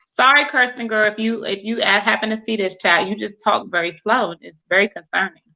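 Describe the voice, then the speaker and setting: A woman co-hosting a live reality show review, chatting in a sassy, expressive way with quick asides. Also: mid-range voice. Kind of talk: casual live-stream chat. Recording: slightly dull, lo-fi sound.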